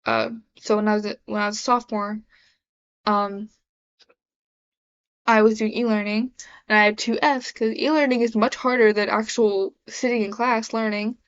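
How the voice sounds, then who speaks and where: A woman's voice: medium pitch, steady tone, moderate pace, clean tone. A young woman talking casually to camera in a confessional vlog, rambling with many fillers and restarts. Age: young adult. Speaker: vlogger. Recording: dull lo-fi sound.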